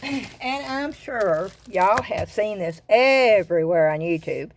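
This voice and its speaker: A woman's voice: medium pitch, lively intonation, takes it slowly, a little hiss or hum. An older woman with a Southern US accent, chatting casually in a craft vlog. She rambles and often repeats her words as she goes. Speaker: craft vlogger. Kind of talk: casual chat.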